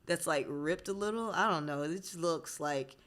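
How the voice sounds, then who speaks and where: A woman's voice: deep voice, moderate pace, fairly bright tone. A woman from Florida on a podcast, chatting candidly and frankly with plenty of "like" fillers. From Florida, USA. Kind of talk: casual chat.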